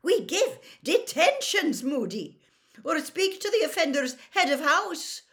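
A woman voicing a stern, easily shocked older female professor in a storybook reading, high and shrill in delivery. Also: very animated, measured pace, a bit bright, exaggerated voice.

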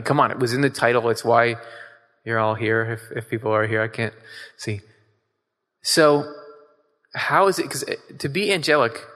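A man's voice: medium pitch, fairly bright tone. A man giving a casual sermon, reading scripture and talking it over in a conversational, emphatic way, asking his listeners questions. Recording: long hall reverb.

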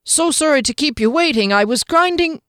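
A woman's voice: high-pitched, lively intonation, normal speed, fairly bright tone, dry recording, studio quality, pitched above the performer's own voice. A woman voicing a nervous, scrawny little male herbalist who stammers and stays stiffly polite.

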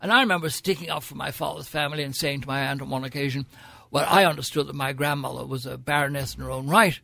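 A man's voice: mid-range voice, fast talker, creaky, pushed and bright. An older Irish man, a senator, telling stories as a guest in an interview, with a grand, theatrical, witty manner. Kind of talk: anecdotal storytelling.

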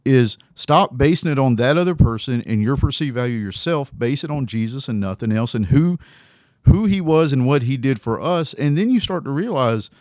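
A man's voice: medium pitch, animated, moderate pace, darkish tone, dry recording, studio quality. Earnest man in a faith chat. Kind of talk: casual faith discussion.

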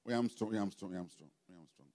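Speaking low, quickly and warmly, this Ghanaian-accented pastor delivers an emphatic sermon in a church hall, repeatedly calling out questions for the congregation to answer. Long reverb fills the hall, and music plays faintly in the background.

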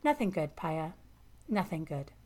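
A woman voicing a weary female ship captain who sounds distracted and strained, with a husky voice. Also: on the low side, big pitch swings, measured pace, mellow.

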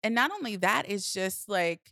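A woman telling a personal story in a candid podcast conversation, animated and laughing often. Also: medium pitch, normal speed, no echo, clean studio sound. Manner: animated, laughs often, acts out her inner voice. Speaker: guest sharing personal story. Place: studio, seated at a mic. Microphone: close studio mic.

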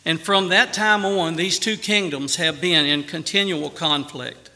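A man preaching a sermon earnestly, with emphatic rises on key phrases and a quieter, softer voice in prayer. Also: fairly high pitch, fairly even intonation, a little slow.

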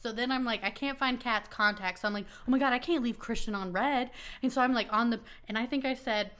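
A woman co-hosting a chatty podcast, her voice bright and crisp. She tells stories with animated energy. She laughs and swears freely along the way. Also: on the high side, quick pace. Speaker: podcast co-host. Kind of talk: casual chat.

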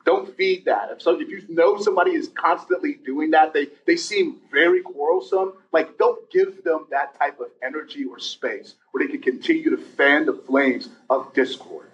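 A young man preaching a sermon in a lively, conversational way, slipping in slang and acted asides. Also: on the high side, normal speed, few pauses, distant mic, dull audio. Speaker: pastor.

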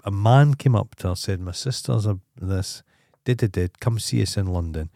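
A man's voice: fairly low pitch, moderate pace, creaky, warm tone, no room sound, clean studio sound. A Scottish man co-hosting a podcast, telling crude stories in a blunt, sweary way. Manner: blunt, sweary, jokey storyteller. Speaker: podcast co-host. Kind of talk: crude casual chat.

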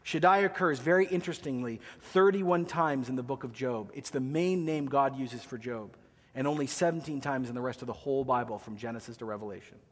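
A man's voice: medium pitch, a little fast, big-room sound. A man preaching a sermon, conversational, with joking asides to the congregation. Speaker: pastor.

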